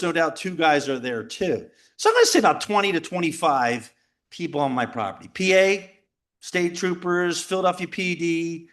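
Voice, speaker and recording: Animated middle-aged man telling a story. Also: fairly high pitch. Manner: animated, jokey, acts out quoted voices and shouts. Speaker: speaker at a men's retreat. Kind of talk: lively storytelling talk. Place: retreat house talk before a live audience.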